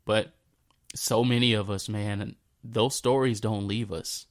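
A man in his thirties tells a personal story in a halting, repetitive way, often dropping into a soft, low voice. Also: steady tone. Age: 30s. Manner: halting, repeats himself, drifts into a soft low voice.

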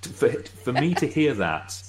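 A middle-aged British man speaking as a guest expert, explaining with brisk, wry asides. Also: medium pitch, big pitch swings, poor audio. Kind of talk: casual explanatory chat.

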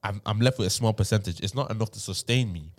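A man's voice: fairly low pitch, fast talker. A young man with an Irish accent in a casual group chat, talking emphatically and repeating words as he starts his point.

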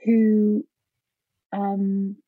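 A woman's voice: medium pitch, drawn-out words, no room sound, narrow, tinny audio. A middle-aged woman from England, a grief and drama therapist, telling her own story frankly and expressively as a podcast guest. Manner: frank, expressive, swears casually. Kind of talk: candid conversational storytelling.

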